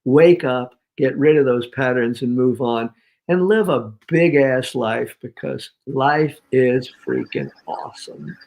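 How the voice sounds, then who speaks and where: A man's voice: medium pitch, takes it slowly. A man from New York, a guest on an interview show, giving punchy, emphatic motivational talk. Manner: energetic, emphatic, punchy repetitions. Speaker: guest speaker.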